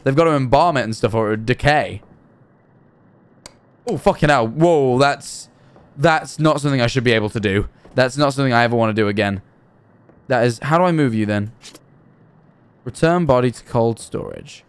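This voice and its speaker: A man's voice: mid-range voice, moderate pace, long pauses, clean tone. A young man streaming a horror game, nervous and jumpy, swearing and talking to himself as he plays. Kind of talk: live gameplay commentary.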